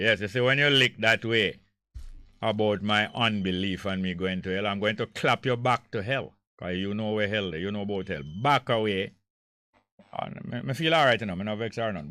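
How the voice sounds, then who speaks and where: An older man with a Jamaican accent hosting a call-in radio show, reading out listener messages and answering them in an animated, argumentative way. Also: lowish voice, clean tone. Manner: reads listener messages aloud, argues back heatedly. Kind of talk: casual call-in radio talk.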